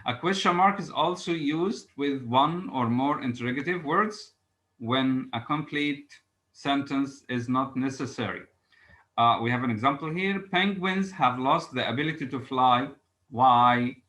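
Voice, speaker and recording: Man, grammar teacher, bright voice, halting delivery, frequent fillers. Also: mid-range voice, poor audio. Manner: halting, frequent "uh" fillers, reads examples aloud slowly. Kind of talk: classroom grammar lesson.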